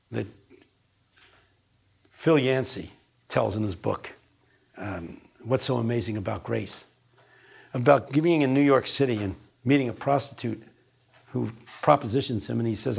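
A man's voice: medium pitch, a little slow, gravelly, long pauses, breathy edge. An older man preaching a sermon, emphatic and folksy, telling stories with wry asides.

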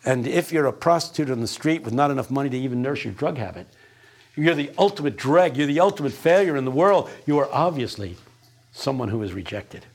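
A man's voice: mid-range voice, lively intonation, a little fast, slightly rough. An older man preaching a sermon, emphatic and folksy, telling stories with wry asides.

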